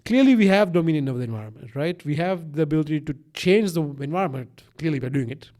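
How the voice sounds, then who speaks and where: A man's voice: fairly high pitch, quick pace. A young man with a mixed accent chatting as a podcast co-host, rambling and swearing, with lots of restarts. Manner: rambling, profane, animated, many restarts. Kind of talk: casual chat.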